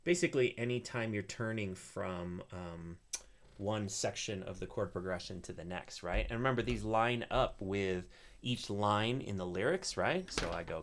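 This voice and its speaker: A man teaching an online ukulele lesson, explaining in a relaxed way with frequent fillers. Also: on the low side, normal speed, music in the background.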